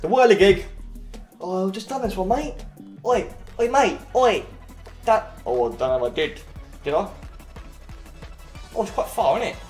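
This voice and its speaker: An excitable man talks his way through a video game in casual chatter. His voice sits fairly high and bounces around an echoey room. Faint game music plays underneath. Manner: excitable, chatty, quick cries and laughs. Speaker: gaming channel host.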